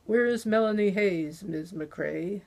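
Casting: woman playing a cold, measured male interrogator in a storybook thriller, firm and commanding, mid-pitched. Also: a little mellow. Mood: cold menace.

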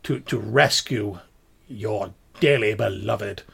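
A man voicing a nervous, pompous gentleman patron who stutters through grand old-fashioned speeches. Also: on the low side, slow, creaky, slightly rough, heavily acted.

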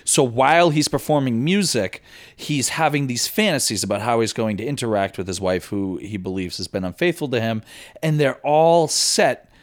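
A man's voice: mid-range voice, moderate pace. A man guesting on a film podcast, casually and animatedly retelling movie scenes, stumbling over words and acting out his own reactions. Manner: animated, many fillers and restarts, acts out his reactions.

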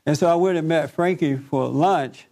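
A man leading a group talk, telling a story in a lively way and laughing often. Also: a little high, normal speed. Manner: animated, laughs often, acts out other voices. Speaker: discussion group leader.

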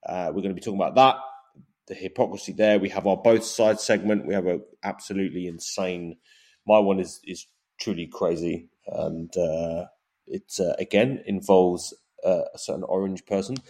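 British male podcast host, very low voice, loose and rambling, home mic. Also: fairly even intonation, moderate pace, darkish tone. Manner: rambling, self-deprecating, many fillers and restarts. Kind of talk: casual political podcast chat. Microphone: home podcast mic setup.

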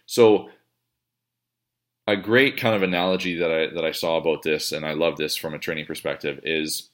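A man with a low-pitched voice explains training concepts as a coach. His talk is casual and conversational. He swears freely and slips into quoted self-talk to illustrate his point. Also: fairly bright tone. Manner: conversational, profane, acts out inner thoughts.

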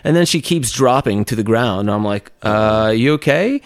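A young man, a documentary maker on a speaking tour, tells a personal story as a podcast guest, with lively laughs and filler words. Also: lowish voice, normal speed, dry recording. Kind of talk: casual storytelling in an interview.

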